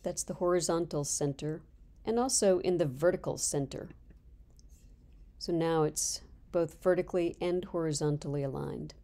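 A woman instructor calmly walking through a software tutorial step by step. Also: low voice. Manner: calm step-by-step explaining. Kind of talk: screen-recorded software tutorial.

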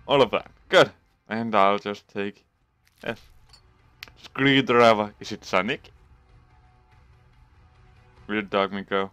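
A man hosts his own gaming video and comments on his play as it happens. His voice is smooth and clear and his pace is unhurried, though he breaks into loud swearing whenever the game surprises him. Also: on the low side, no echo, soft background music. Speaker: gaming channel host.

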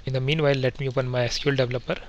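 A man teaching software testing in a screen-recorded coding tutorial, explaining each step methodically with fillers and self-corrections. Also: medium pitch, little pitch movement, very fast, lo-fi sound.

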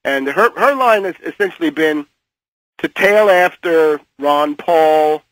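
An older man with a fairly high voice, talking as a guest on a radio show. He stops and starts, repeating words as he builds each critical point. The sound is dry and close, with no room around it. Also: animated, takes it slowly, a bit bright, no room sound, poor audio. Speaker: guest commentator. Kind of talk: phone-in radio interview.

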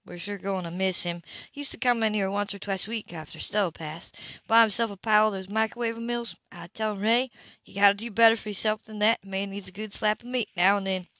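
A woman's voice: medium pitch, fairly even intonation, a little fast, sharp tone, no room sound, highs cut off, close to an everyday voice. A woman reading the part of a chatty older grandmother, homely and friendly.

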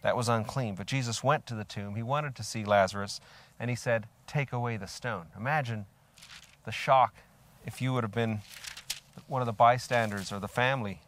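A man's voice: mid-range voice, moderate pace, a bit bright. An older man preaching a sermon, earnest and reflective, asking his listeners direct questions and reading scripture aloud with rising emphasis.

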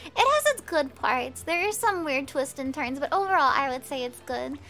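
A young woman streaming a video game, chatting casually and rambling with viewers, quick to laugh and swearing freely. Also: sits high, animated, bright, forceful tone. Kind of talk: casual gameplay chat.

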